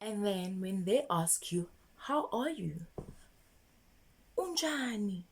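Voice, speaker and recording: A woman's voice: medium pitch, big pitch swings, slight background noise. A woman teaching children, prompting them to repeat after her and praising them. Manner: slow, sing-song, encouraging repetition prompts. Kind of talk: children's language lesson.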